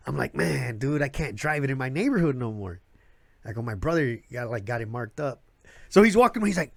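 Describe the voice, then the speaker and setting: Animated Chicago comedian spinning wild stories. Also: male voice, fairly high pitch, fast. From south side of Chicago. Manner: animated, acts out quoted voices, laughs through stories. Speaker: guest comedian. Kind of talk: casual storytelling with profanity. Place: live show venue.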